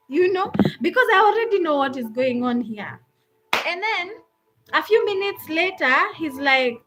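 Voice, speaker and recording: Animated Kenyan woman telling a story. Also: high voice, unhurried, poor audio. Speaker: host. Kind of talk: storytelling talk.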